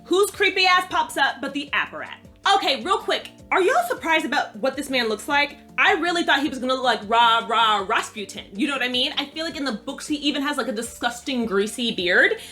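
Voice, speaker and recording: A woman's voice: sits high, expressive, fairly quick, hardly any pauses, bright, forceful tone, soft background music. A woman giving a casual, chatty recap of a TV episode, laughing often and using slangy, profane asides. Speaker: TV recap reviewer.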